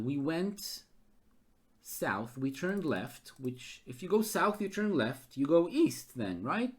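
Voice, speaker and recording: A man who runs a gamebook live as game master, thinking aloud and getting excited. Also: a little high, takes it slowly. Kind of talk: live-streamed gamebook narration.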